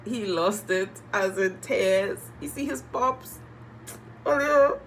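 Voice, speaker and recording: A woman reviewing a reality TV episode in casual chat, animated and emotional, repeating phrases and using slang. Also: medium pitch, slow pace, a little hiss or hum, low-quality recording. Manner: moved and emotional while talking.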